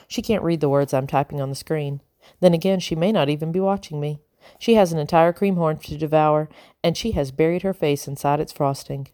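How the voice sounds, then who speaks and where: A woman narrating a children's storybook in a calm, even reading voice. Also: low voice, no echo, clean studio sound. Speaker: audiobook narrator.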